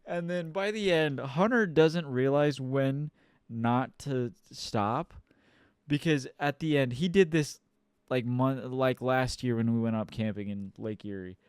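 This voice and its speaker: Young man, podcast co-host, rambling profane storyteller, smooth clear voice, dry close sound. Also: mid-range voice, measured pace, a little mellow, no room sound. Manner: rambling, swears a lot, mimics people in quotes. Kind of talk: casual storytelling chat.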